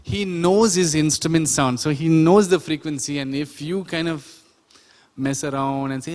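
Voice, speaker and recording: Male instructor, chatty classroom lecture, slightly high voice in a hall with a long echo. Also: normal speed, a little mellow. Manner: chatty, often quizzes the audience. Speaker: sound production instructor.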